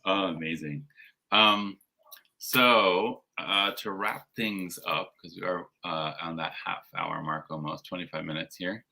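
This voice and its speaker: A man hosting a casual interview, easygoing and quick to agree with his guest. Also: deep voice, steady tone, gravelly, sharp tone. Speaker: host.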